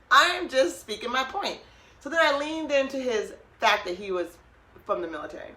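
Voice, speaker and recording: A woman podcast host with a high-sitting, expressive, pushed and bright voice at normal speed tells an animated story with emphasis. She laughs often and quotes what she and others said. The recording has a roomy echo.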